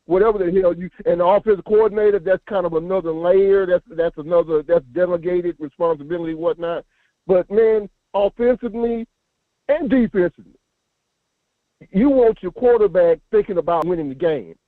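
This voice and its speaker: A man calling in over a tinny phone line, his voice high and the sound bone dry with no room around it. He rambles emphatically and circles back on his words as he makes his point. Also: brisk, dry recording. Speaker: caller. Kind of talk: casual call-in chat.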